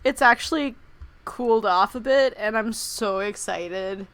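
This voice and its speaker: Woman, podcast co-host, fairly high voice, quick wry reactions, casual. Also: fairly bright tone, dry recording. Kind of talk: casual chat.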